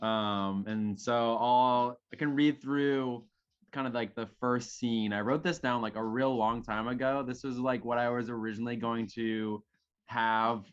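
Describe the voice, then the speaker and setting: Slow, rambly male player reading his story aloud, dull lo-fi sound with faint music. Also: mid-range voice, steady tone, clear, resonant tone. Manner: rambling, many fillers. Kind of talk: casual tabletop game chat and storybook narration.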